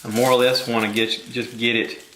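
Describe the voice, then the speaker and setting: A man with a bright, clear voice rambles jokily through a casual cooking video, poking fun at himself. He is recorded in an echoey home kitchen, with a faint hiss behind him. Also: mid-range voice, level tone, moderate pace. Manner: rambling, jokey, self-deprecating.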